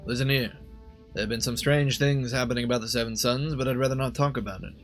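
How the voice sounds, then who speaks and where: A man reading a nervous merchant's hurried warning. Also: mid-range voice, steady tone, faint music behind, close to an everyday voice. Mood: confiding.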